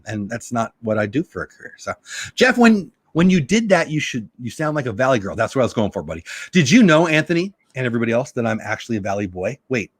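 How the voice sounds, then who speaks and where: A middle-aged man hosting a casual live-stream chat, animated and talkative, with a slight sore throat. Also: medium pitch, no echo, clean studio sound. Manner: animated, chatty, reads chat aloud. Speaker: live show host.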